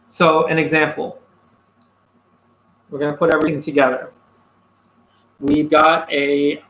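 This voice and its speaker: A man teaching a physics lesson, explaining a worked problem step by step with pauses and fillers. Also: fairly high pitch, reverberant, low-quality recording. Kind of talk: classroom lecture working through a problem.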